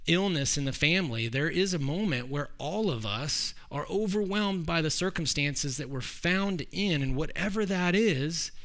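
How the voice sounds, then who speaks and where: A man preaches a sermon conversationally, in a fairly high-pitched, fairly bright voice. He frequently restarts sentences and acts out quotes.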